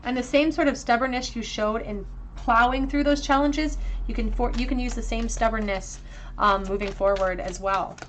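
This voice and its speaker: A woman's voice: on the high side, moderate pace, a little hiss or hum. A woman giving a pick-a-card tarot reading, speaking straight to the viewer in an earnest, emotional way and talking with braces. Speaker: tarot reader.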